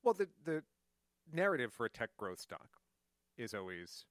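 A man interviewing a guest, measured as he lays out the opposing case before his question. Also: medium pitch, very animated, no echo. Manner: measured, summarizing the other side's case before asking.

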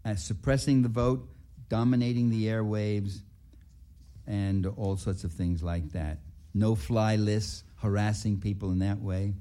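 A man speaks to an audience in a low, warm voice. He tells his stories in a rambling way, with restarts and asides, and he sounds indignant as he goes. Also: flat delivery, measured pace. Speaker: writer and activist speaker. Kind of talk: public talk with anecdotes.

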